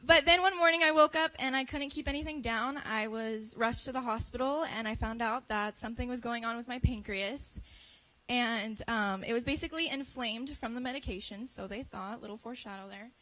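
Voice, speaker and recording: Bright high-voiced teenage girl. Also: a little fast, poor audio. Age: teens. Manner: earnest, building to impassioned. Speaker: youth speaker giving a testimony. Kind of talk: church testimony talk. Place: church service.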